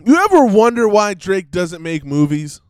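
Male host, high voice, loose ranting commentary with laughs. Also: sing-song, moderate pace, clear, resonant tone, no echo. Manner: rambling, laughs between thoughts. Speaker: podcast host. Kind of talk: casual commentary.

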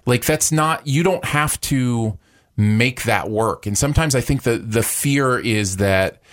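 A man's voice: medium pitch, unhurried. A man co-hosting a podcast, talking casually and pressing his points emphatically. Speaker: podcast co-host. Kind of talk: casual conversation.

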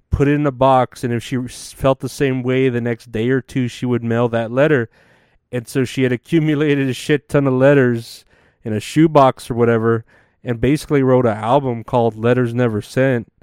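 A man's voice: mid-range voice, little pitch movement, moderate pace, darkish tone, clean tone, dry recording, clean studio sound. A man hosting a comedic news monologue, rambling and crude with plenty of fillers and restarts. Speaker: comedy show host.

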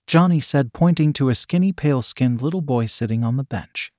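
Man narrating a story, matter-of-fact, middle pitch, dry recording. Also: normal speed, few pauses, a little mellow, dry recording.

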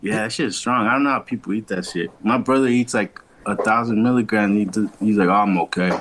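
Against a noisy background, a young man talks quickly in a voice on the low side, casually telling a long podcast story. He swears a lot and acts out everyone's lines in different voices, laid-back and slangy throughout.

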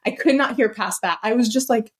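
A young woman with a slightly raised pitch co-hosts a podcast and recounts a personal story. She talks casually and with emotion, leaning on "like" as she goes. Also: a little fast, breathy edge. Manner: animated and emotional, heavy use of "like". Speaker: podcast co-host.

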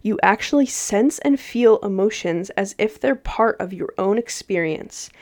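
A woman's voice: medium pitch, expressive, unhurried, a little mellow, dry recording, clean studio sound. A young adult woman hosting a casual solo podcast, chatty and slangy with laughs. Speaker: podcast host.

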